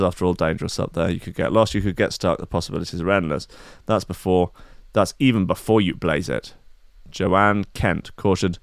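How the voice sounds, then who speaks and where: Wry man with a low voice. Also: vocal fry, no echo, clean studio sound. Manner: wry, mocking, giggly asides. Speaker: radio host. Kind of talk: comic news chat.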